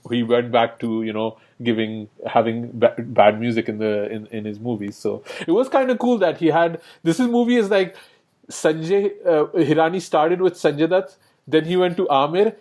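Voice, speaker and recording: A man's voice: a little high, darkish tone. A man co-hosting a podcast, chatting about films in an enthusiastic, rambling way and laughing often. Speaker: podcast co-host. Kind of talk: casual film discussion.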